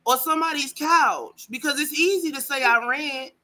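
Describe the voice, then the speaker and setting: A woman's voice: high voice, moderate pace, noisy background. A woman on a livestream panel, arguing in a confrontational, scolding way over a remote call. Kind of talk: heated livestream panel argument.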